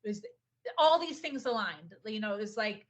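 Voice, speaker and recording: A young adult woman telling a personal story in a casual, animated way, often saying "like" and acting out what people said. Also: mid-range voice, moderate pace. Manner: animated, acts out quotes, says "like" often. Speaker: podcast guest.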